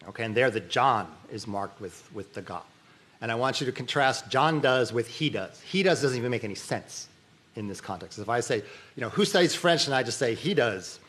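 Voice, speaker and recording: A man's voice: medium pitch, fairly bright tone. A middle-aged man giving a university symposium lecture, explaining ideas casually and checking in with the audience by saying "okay.". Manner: conversational lecturing with frequent "okay" and restarts. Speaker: academic dean giving a symposium talk. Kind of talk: lecture on linguistics.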